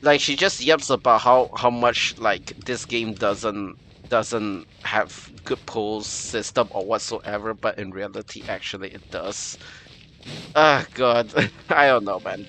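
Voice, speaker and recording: A man's voice: lowish voice, slow, pushed and bright, slight background noise. A man streaming a game, rambling in a casual chat with many fillers, frustrated and swearing.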